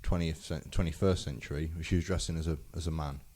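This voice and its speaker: Low, mellow-voiced man. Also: steady tone, fast. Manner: rambling storyteller with frequent restarts. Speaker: podcast co-host. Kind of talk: casual chat.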